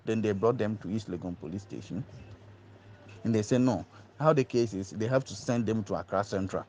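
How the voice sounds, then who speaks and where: A man telling an animated first-person story, acting out quoted dialogue and often repeating words. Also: a little fast, slight background noise. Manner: acts out quoted dialogue, pitch jumping high on exclamations. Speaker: storyteller recounting an ordeal.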